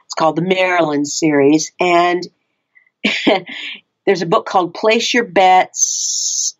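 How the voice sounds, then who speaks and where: A woman's voice: on the low side, slow. A woman, an audiobook narrator and actor, chatting casually in an interview, laughing easily and self-deprecating.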